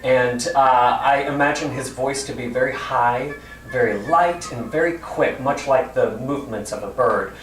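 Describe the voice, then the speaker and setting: A man's voice: mid-range voice, normal speed. A male actor explaining to children, in a friendly way, how he plays each character. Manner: friendly, explanatory, with some hesitant fillers. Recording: roomy hall from a distance, faint music.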